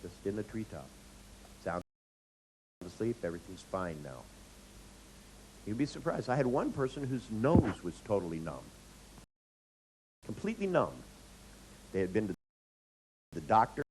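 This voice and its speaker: A man lectures on hypnotherapy, weaving in anecdotes and acting out lines in a sing-song voice. His pitch rises and falls with lively, animated range. A faint hiss sits under the recording. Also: a little slow, long pauses, rough recording. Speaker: hypnotherapy instructor.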